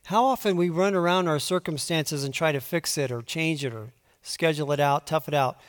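A man preaching a conversational Bible teaching, moving between quiet asides and emphatic pleading. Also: fairly high pitch, brisk. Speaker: pastor. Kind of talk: sermon. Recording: long hall reverb.

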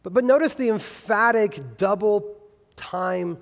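A man's voice: high-pitched, animated, measured pace. Man, pastor, sermon, earnest emphatic preaching, reverberant sanctuary. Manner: earnest preaching, rising emphatically on key phrases. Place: church sanctuary.

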